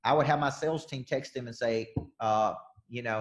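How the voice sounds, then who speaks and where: A man's voice: mid-range voice, normal speed. A man coaching on sales during a live webinar, talking emphatically and repeating his points as he answers questions.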